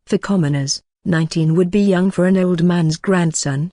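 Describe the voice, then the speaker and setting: A narrator reads an audiobook in an even, steady voice at a middle pitch. The recording is dry and close, with no room sound. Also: moderate pace, few pauses, dry recording.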